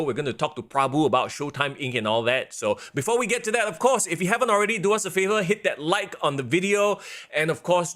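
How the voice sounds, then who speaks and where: A man's voice: on the high side, a bit bright. A man, co-hosting a casual wrestling podcast in an upbeat, jokey manner over a video call. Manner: upbeat, jokey, plugs the show. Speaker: podcast co-host.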